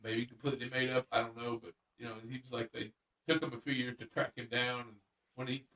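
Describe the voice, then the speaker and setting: A man with a gravelly, creaky voice spins a long, rambling secondhand tale. He talks in a casual, conversational way, full of "uh" and "you know" as he goes. His pitch sits right in the middle for a man. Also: level tone, a little fast, bright, forceful tone. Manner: rambling secondhand storytelling with many fillers. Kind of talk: casual storytelling chat.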